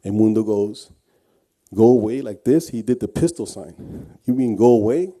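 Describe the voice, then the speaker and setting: A man's voice: on the low side, lively intonation, normal speed, warm tone. A man giving an earnest personal testimony, telling his story with frequent restarts. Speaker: guest speaker.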